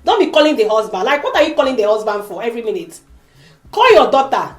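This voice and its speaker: Her voice sits high and moves fairly quickly as this vlogger talks in an animated, emphatic way. The room is echoey, and she acts out the people she quotes with plenty of emotion.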